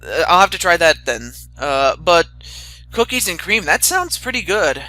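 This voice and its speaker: A man's voice: on the high side, big pitch swings, normal speed, pushed and bright. A young man hosting a casual chat, rambling with stammering restarts and fillers. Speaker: host.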